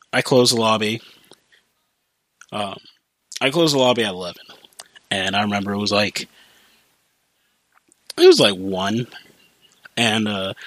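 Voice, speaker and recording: A man's voice: medium pitch, a bit bright, no echo. A young man hosting a podcast, telling a story casually with lots of fillers, restarts and swearing. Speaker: podcast host.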